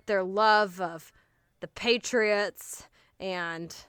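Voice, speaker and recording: Bright-voiced joking woman podcast host. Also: medium pitch, fairly even intonation, drawn-out words, clear, resonant tone, dry recording, studio quality. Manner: playful, jokey, laughs often, swears freely. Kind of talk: casual comedic podcast chat.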